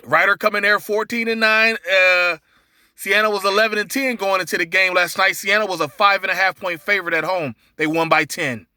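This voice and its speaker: A man with a high, bright voice hosts a sports betting show, running through the day's picks in a casual monologue. He rambles, trips over names and restarts his sentences. His voice comes across dry and close, with no room sound. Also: fairly even intonation, brisk, no room sound. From Cincinnati area. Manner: loose, rambling, with many fillers and restarts. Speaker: sports betting podcast host.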